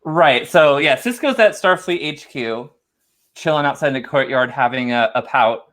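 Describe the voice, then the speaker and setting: A man hosting a casual podcast, recapping scenes in a relaxed, loose way. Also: mid-range voice, moderate pace.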